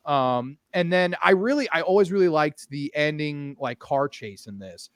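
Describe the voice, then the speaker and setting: A man hosting a casual podcast chat, gushing with excitement and swearing freely. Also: a little high, normal speed, no room sound, clean studio sound. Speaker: podcast host.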